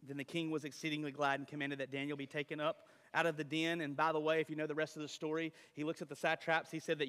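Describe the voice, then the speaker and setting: Pastor, bright high voice, dramatic swings, reverberant sanctuary. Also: male voice, steady tone, fast, few pauses. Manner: dramatic, swings from booming to hushed. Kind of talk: sermon. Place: church sanctuary. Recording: reverberant church hall.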